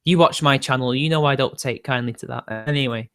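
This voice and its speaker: A man live-streaming and answering his chat in a rambling way, quickly getting riled and swearing. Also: medium pitch, fairly even intonation, fairly bright tone.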